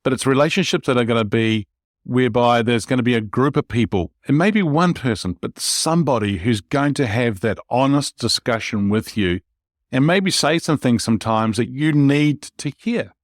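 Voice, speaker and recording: A man's voice: medium pitch, expressive, moderate pace, no echo. Dry-sounding enthusiastic podcast host man. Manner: enthusiastic, rambling, addresses listeners directly. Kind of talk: casual interview chat.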